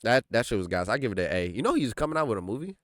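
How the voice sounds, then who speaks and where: A man's voice: mid-range voice, sing-song, racing, no room sound, studio quality. A young man co-hosting a podcast, talking music in a laid-back, slangy way with lots of "like" and "bro". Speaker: podcast co-host. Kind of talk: casual chat.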